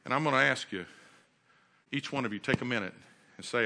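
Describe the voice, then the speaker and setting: A man's voice: mid-range voice, brisk, pauses often, sharp tone. A man preaching a sermon and earnestly guiding his congregation through a repeated prayer. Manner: earnest, repetitive, leads the congregation in call-and-response.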